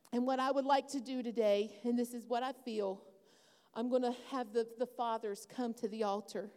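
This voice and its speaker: Woman preacher, high voice, fervent altar prayer, church reverb. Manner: fervent, repeated calls to God, rising to shouts. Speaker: church speaker. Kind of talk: Father's Day message and altar prayer. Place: church sanctuary.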